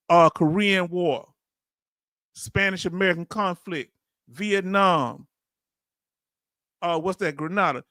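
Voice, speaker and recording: A man hosts a livestream commentary, his voice high and bright. He talks in casual slang, animated and preachy, calling on the viewers in his chat. The sound is dry and close. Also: no echo. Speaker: channel host.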